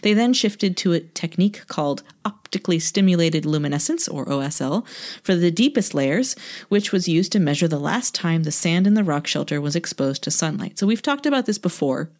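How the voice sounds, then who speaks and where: A woman with a fairly low voice co-hosts a casual podcast. She reads from her research notes and breaks off for laughing asides. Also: lively intonation, brisk, darkish tone. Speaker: podcast co-host.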